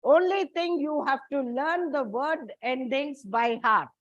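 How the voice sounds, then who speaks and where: A woman's voice: high voice, slow, lo-fi sound. A woman teacher with an Indian English accent giving an exam coaching lecture, explaining patiently and calling her students children.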